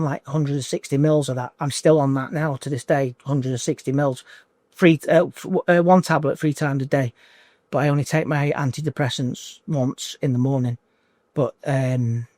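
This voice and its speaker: A man in his forties in an emotional interview as a coaching client, talking in halting bursts that repeat and restart. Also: medium pitch, a little mellow, no echo, clean studio sound. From United Kingdom. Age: 40s.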